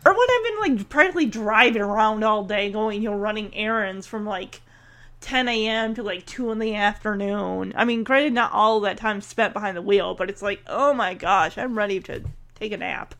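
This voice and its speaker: A woman chatting casually as she recaps a sitcom, animated and acting out the characters' lines. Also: medium pitch, moderate pace. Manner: chatty, animated, acts out quotes. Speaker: show recapper. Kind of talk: casual chat.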